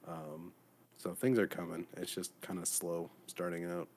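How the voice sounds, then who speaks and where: Gravelly low-voiced man, laid-back. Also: level tone, unhurried, a little mellow. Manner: laid-back, many fillers. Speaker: podcast co-host. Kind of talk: casual chat.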